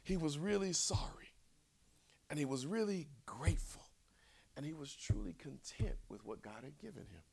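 A man preaching a sermon, conversational, repeating words for emphasis, dropping to whispers and rising to shouts. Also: fairly high pitch, lively intonation, moderate pace, gravelly, slightly rough.

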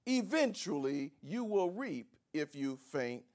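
High, lively-voiced preaching man. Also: slow. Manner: teaching, swells from low asides to shouted emphasis; calls for congregation responses. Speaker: pastor. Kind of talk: sermon.

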